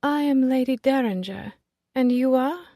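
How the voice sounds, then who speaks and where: A woman's voice: high voice, measured pace, mellow, no room sound, studio quality, pitched above the performer's own voice. A woman voicing a cold, catty young noblewoman with a light, delicate voice, sweetly spiteful. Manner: sweetly spiteful, smiling while cutting.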